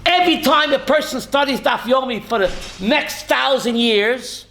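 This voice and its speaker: A man's voice: very high voice, moderate pace, hardly any pauses, bright, forceful tone, slight background noise. A man, a rabbi, teaching a Torah class who quizzes his listeners by name and tells stories with feeling. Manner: emotional storytelling, mixes in Yiddish and Hebrew words.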